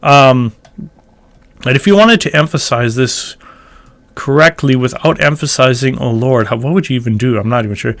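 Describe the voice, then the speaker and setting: Here the same kind of relaxed chant lesson comes in a medium-pitched, slightly bright voice at a normal speed. He walks through the notation and slips into brief sung examples.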